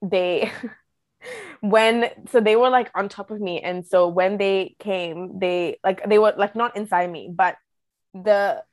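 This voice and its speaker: A young woman, a guest on a podcast, rambling through her stories with bursts of laughter and constant "like" and "um." Her voice is mid-pitched and recorded dry and close. She talks in loose, chatty bursts. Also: slow pace, a little mellow, no echo. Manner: giggly, rambling, many "like" and "um" fillers. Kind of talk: casual podcast chat.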